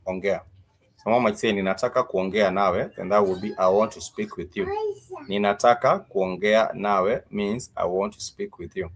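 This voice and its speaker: A man teaching Swahili words in a live-streamed lesson, slowly repeating each word and its meaning, with many fillers. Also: fairly low pitch.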